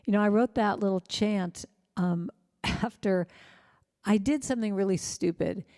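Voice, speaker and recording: Woman, middle-aged, mellow voice, gentle heartfelt storytelling, inspirational church talk. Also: medium pitch, unhurried. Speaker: singer-songwriter speaker.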